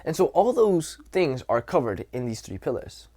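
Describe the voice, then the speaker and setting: A man's voice: medium pitch, very animated, normal speed, a little mellow. A young man giving casual dating and self-improvement advice, talking loosely with fillers and restarts. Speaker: dating and social skills coach. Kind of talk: casual advice talk to camera.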